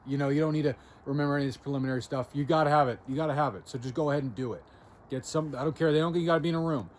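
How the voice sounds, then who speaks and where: A man's voice: a little high, rapid-fire, darkish tone, a little hiss or hum. A young man hosting a self-help video, telling a story from his own working life in a chatty, self-mocking way. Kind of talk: casual storytelling to camera.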